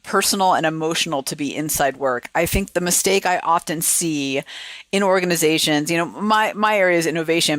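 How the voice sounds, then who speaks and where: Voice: medium pitch, a bit bright, no room sound. A podcast host reflecting on the guest's story in a conversational, affirming way. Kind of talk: conversational interview talk.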